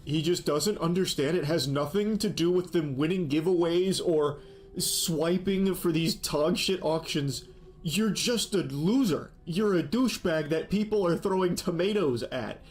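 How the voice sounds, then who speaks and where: A man's voice: a little high, a little slow, darkish tone. Sarcastic man with a raised voice. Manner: sarcastic, mocking, incredulous. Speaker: reaction commentator. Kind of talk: sarcastic commentary.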